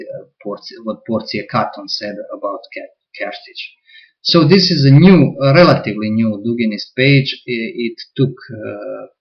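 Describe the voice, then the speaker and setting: A man's voice: on the low side, lo-fi sound. A man giving sardonic political commentary, reading quotes aloud and picking them apart, with frequent fillers and restarts.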